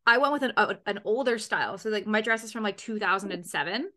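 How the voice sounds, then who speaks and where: Bright-voiced bubbly young woman host. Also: mid-range voice. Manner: bubbly, quick asides, repeats words when starting. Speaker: podcast host. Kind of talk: casual chat.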